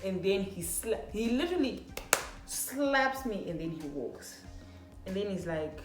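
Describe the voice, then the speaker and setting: A young woman vlogger telling a personal story to her viewers, animated and casual, full of "literally" and "like", talking to them as "guys". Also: mid-range voice, unhurried, echoey room, over music.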